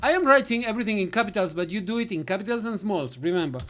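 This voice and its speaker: A woman's voice: medium pitch, expressive, racing, slight background noise. Woman English teacher, casual lesson voice, trails off into filler syllables. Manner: filler syllables, switches to Spanish. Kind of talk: recorded lesson walkthrough.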